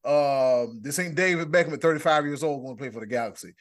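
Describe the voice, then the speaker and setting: A man hosting a casual sports podcast, excitable and quick to laugh, reading listener messages aloud. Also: mid-range voice. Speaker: podcast host.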